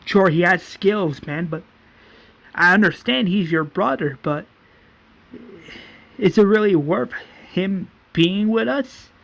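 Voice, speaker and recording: A man voicing a man who calmly argues against bringing someone along. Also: sits high, slow pace, creaky, pauses often, pitched above the performer's own voice, full character voice. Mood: persuasive. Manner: persuasive.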